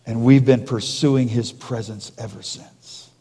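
Preacher in a reverberant church hall. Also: male voice, medium pitch, steady tone, slightly rough. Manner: dramatic, slowing and dropping to a hush for emphasis; jokey asides to the congregation. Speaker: pastor. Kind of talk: sermon. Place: church sanctuary. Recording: long reverb of a large hall.

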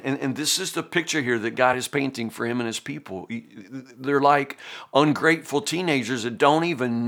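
A man's voice: mid-range voice, vocal fry, fairly bright tone. A middle-aged man teaching the Bible as a pastor, earnest and full of restarts and fillers. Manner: earnest, repeats words, many fillers.

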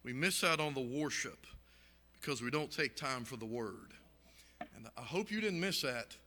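A man's voice: mid-range voice, animated, moderate pace, pushed and bright, long reverb tail. A man speaking fervently at a church meeting, emphatic and full of "and, uh" fillers. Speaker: guest preacher. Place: church sanctuary.

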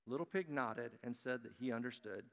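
A man giving a children's message in church, reading a storybook aloud to children in a friendly, animated way. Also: medium pitch, fairly quick, gravelly. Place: church sanctuary. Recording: long church-hall reverb.

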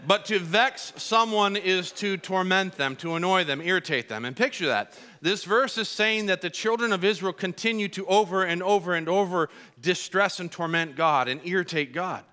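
A man preaching a sermon in church with a bright, forceful voice pitched a little high. He keeps it conversational and humorous, slipping into quick acted-out quotes. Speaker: pastor.

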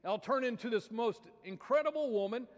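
A man voicing a pushy talking female frog in a high, squeaky, insistent voice. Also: lively intonation, fairly quick. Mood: coaxing. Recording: reverberant church hall.

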